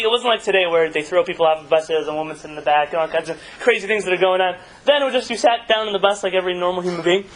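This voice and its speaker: A man's voice: sits high, fairly bright tone, low-quality recording. A man, a rabbi, giving a live talk and telling stories in a conversational way, asking his audience questions.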